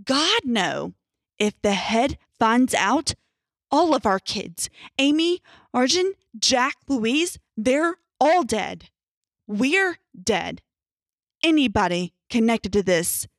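A woman's voice: a little high, very animated, takes it slowly, dry recording, studio quality, heavily acted. A woman voicing a tired, haggard middle-aged male doctor, speaking urgently, in a horror story reading. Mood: alarmed.

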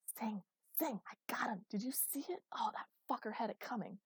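A woman reading a teasing, flirtatious grown man, mock-romantic and deadpan, in an audiobook. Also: mid-range voice, brisk, dry recording, lightly acted. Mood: whispered mischief. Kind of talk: audiobook character voice.

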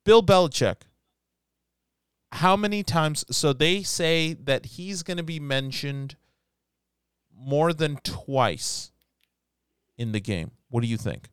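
Animated jokey man, smooth clear voice. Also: on the high side, slow pace, no echo, studio quality. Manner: animated, jokey, breaks into put-on accents. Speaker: podcast co-host. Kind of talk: casual banter about football bets.

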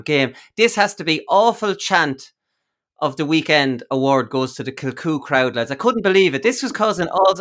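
A young Irish man hosts a chatty sports podcast at an ordinary, middle-of-the-road pitch. He tells stories with animated disbelief, chuckling as he goes. The talk stays loose and friendly among the lads. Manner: animated, incredulous, laughing storyteller. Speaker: podcast host. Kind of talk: casual sports podcast banter.

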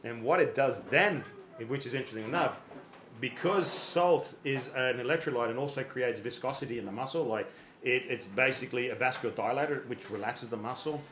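A man's voice: mid-range voice, brisk, a bit bright, a little hiss or hum. A man coaching athletes, explaining things in a podcast conversation with everyday analogies and little acted-out quotes, often repeating words as he thinks. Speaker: fitness coach. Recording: roomy echoey room.

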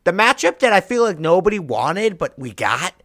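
Animated young man in dry sports chat. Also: normal speed, no room sound. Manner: animated, jumps in pitch and loudness for emphasis. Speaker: podcast co-host.

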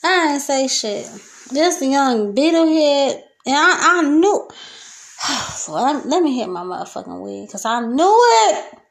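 A woman's voice: sits high, big pitch swings, a little slow, gravelly. A young woman hosting a solo podcast, venting in a loose, profane, laughing rant from her kitchen. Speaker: podcast host. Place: home kitchen.

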